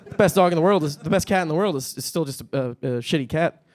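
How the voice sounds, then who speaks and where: A young man performing a stand-up comedy set on stage, talking in a deadpan way and breaking into high-pitched panicky voices for punchlines. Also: fast. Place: comedy stage at a live-streamed event.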